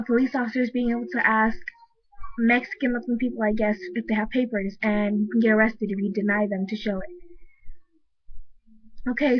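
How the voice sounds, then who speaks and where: Woman, emphatic vlog rant, says "like" a lot, higher voice, muffled lo-fi webcam sound. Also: no echo. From United States. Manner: says "like" constantly, heated and emphatic. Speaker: vlogger. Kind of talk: casual opinion rant to camera. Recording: dull lo-fi webcam audio, dry.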